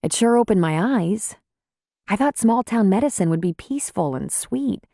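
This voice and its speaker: A woman's voice: mid-range voice, expressive, normal speed, vocal fry, warm tone, dry recording, clean studio sound, voice pushed up. A woman voicing an earnest, troubled city nurse practitioner in an audiobook.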